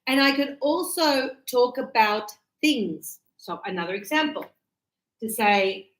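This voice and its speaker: Slow, patient woman teaching English. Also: on the high side, animated, roomy sound, low-quality recording. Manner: patient, repeats examples, checks in with "okay?". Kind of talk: slow classroom explanation.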